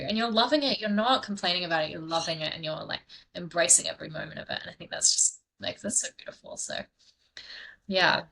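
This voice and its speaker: Brief: woman podcast host, low pitch, fry in the voice, encouraging. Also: bright, forceful tone. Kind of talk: casual podcast chat.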